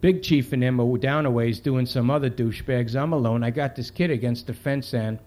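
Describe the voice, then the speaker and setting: A man's voice: mid-range voice, brisk, a little mellow, lightly acted. A man reading as a brash, foul-mouthed street cop. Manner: tough street slang, profane, rambling. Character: streetwise male city cop, brash, defensive. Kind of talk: reading aloud from a novel.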